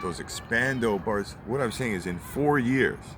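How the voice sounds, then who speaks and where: A man's voice: medium pitch, lively intonation, a little slow. Young man ranting over street traffic. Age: 20s. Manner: heated, repetitive, swears often. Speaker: vlogger. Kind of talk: angry profane rant. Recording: outdoor traffic noise.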